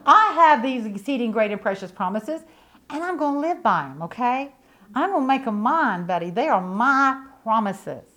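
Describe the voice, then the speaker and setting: A woman's voice: a little high, big pitch swings, moderate pace, pushed and bright. A middle-aged woman preaching a sermon with fervent, emphatic delivery, piling up rhetorical questions and repeated phrases as she testifies.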